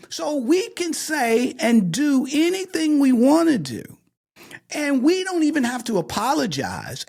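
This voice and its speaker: A male podcast host in a heated discussion. His voice has a gravelly fry and swings widely in pitch. He hammers each point home with repeated questions to his co-host. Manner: emphatic, drives points with repeated "okay?" and "right?".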